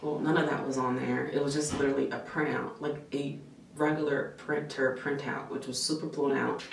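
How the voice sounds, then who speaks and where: A woman vlogger telling a story in a casual, animated way, swearing freely and saying "like" a lot. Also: very deep voice, normal speed, gravelly. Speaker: vlogger and nurse. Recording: echoey room, mic at a distance, faint background noise.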